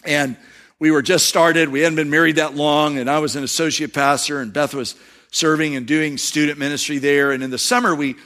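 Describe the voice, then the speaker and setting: A middle-aged male pastor preaching a sermon in a conversational storytelling way, dropping soft and low for emphasis. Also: steady tone, fairly quick.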